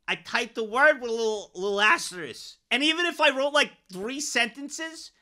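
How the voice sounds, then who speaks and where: A man's voice: very high-pitched, expressive, normal speed, sharp tone. A man hosting a reaction video, chatting enthusiastically between clips. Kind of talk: casual reaction commentary.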